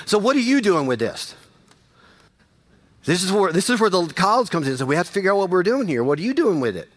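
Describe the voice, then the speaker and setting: A man's voice: high-pitched, fairly bright tone. A man preaching a sermon in a folksy, conversational way, repeating phrases for emphasis. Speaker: pastor.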